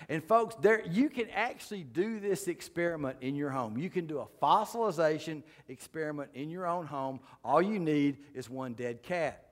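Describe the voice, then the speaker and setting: A man's voice: a little high, lively intonation, moderate pace, few pauses. A man giving a folksy, joking lecture with slides to a live audience, delivering dry punchlines. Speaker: creation science speaker. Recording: long hall reverb.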